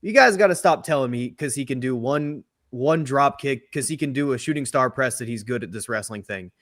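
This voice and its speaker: Blunt young man with a lively voice. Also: medium pitch, fairly quick, no room sound, studio quality. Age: young adult. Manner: blunt, emphatic criticism. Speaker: wrestling podcast co-host. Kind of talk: casual chat.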